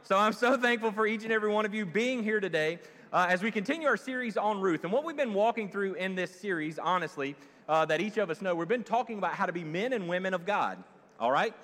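A man's voice: high voice, fast, a bit bright. A man preaching a sermon to his congregation in a church, jokey and conversational, often asking them questions. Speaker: pastor. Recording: long hall reverb.

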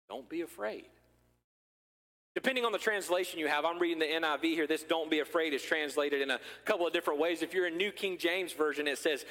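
A man preaching a sermon as pastor, animated and joking, acting out scenes from the story. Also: a little high, fairly quick, big-room sound.

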